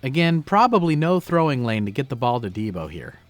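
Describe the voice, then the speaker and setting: A man's voice: medium pitch, big pitch swings, fairly quick, dry recording, soft background music. A man breaking down football game film, explaining each play and stressing key words.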